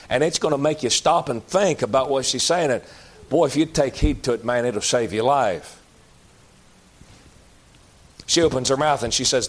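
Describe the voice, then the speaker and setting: A man preaching a sermon in a folksy, emphatic way, jumping to loud outbursts and dropping to low, slow asides. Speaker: pastor.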